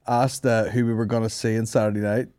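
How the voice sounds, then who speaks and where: A man's voice: on the low side, level tone, fast talker, dark tone, smooth, dry recording, clean studio sound. A man hosting a comedy podcast, chatting casually with lots of swearing and mock rants. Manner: swearing, laughing, mock ranting. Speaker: podcast host.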